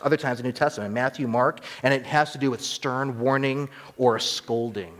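Male preacher, middle-pitched, teaching sermon with emphatic swells and soft asides; hall reverb. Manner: teaching, rising to emphatic peaks and dropping to quiet asides. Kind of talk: expository sermon.

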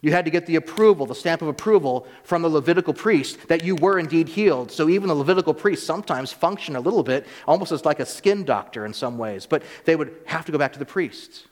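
A man's voice: a little high, animated, fast talker, hardly any pauses, long reverb tail. A man preaching a sermon in a conversational way, sometimes acting out the voices of people in the story. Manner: conversational, acts out voices of biblical figures.

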